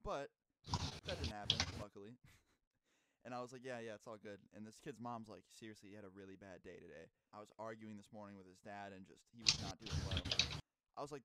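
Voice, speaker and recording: A young man in casual vlog storytelling, animated and profane, with sudden loud outbursts while telling a school story. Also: on the low side, brisk, very noisy. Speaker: YouTuber. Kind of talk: casual storytime over gameplay.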